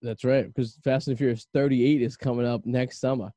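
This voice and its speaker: A man's voice: medium pitch, moderate pace, no room sound. A man in his thirties hosting a podcast, chatting casually and animatedly acting out stories. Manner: animated storyteller acting out quotes. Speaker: podcast host. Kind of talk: casual chat.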